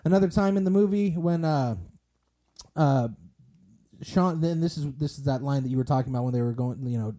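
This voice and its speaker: A man's voice: fairly high pitch, fairly quick, warm tone. A man co-hosting a podcast, chatting casually about a movie, rambling with lots of fillers and restarts. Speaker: podcast co-host.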